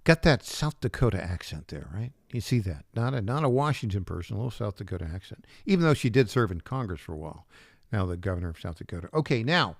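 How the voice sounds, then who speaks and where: A male talk radio host giving political commentary between clips. He talks in a lowish voice with wry asides and little chuckles, and the sound is dry and close on a studio mic. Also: big pitch swings, fast talker, creaky, no echo. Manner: wry asides, repeats the call-in number, chuckles at his own jabs.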